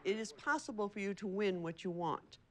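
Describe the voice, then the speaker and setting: A woman organizer coaching a group of activists in an energetic, encouraging way. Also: mid-range voice, moderate pace, a little hiss or hum. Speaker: community organizer.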